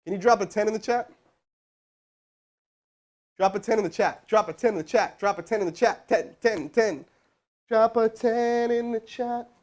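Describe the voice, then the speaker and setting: A man teaching cold calling on a live stream, energetic and joking as he talks to his chat. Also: high voice, normal speed, long pauses. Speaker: sales trainer. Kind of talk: live teaching session with role-played calls.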